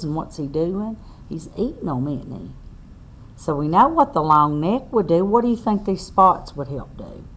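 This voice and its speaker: A woman teacher reads a picture book aloud to young children, asking the class questions as she goes. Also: fairly low pitch. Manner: slow, sing-song read-aloud with questions to the class.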